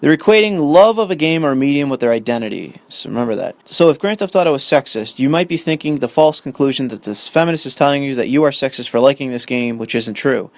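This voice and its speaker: A man's voice: mid-range voice, expressive, fast, few pauses, no echo. A young man ranting in commentary, profane and sarcastic, reading an article aloud and arguing with it. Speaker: commentary host.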